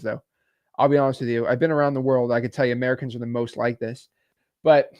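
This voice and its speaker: A man giving a casual coaching talk on cold calling, chatty, with quick asides and frequent laughs. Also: a little high, darkish tone, no room sound.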